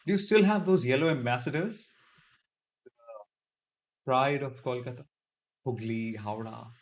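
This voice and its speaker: A man's voice: mid-range voice, a little slow. Chatty man hosting a live Q&A. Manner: chatty, reads out viewer comments and answers them; self-deprecating humor. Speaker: YouTube live stream host. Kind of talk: casual live Q&A chat.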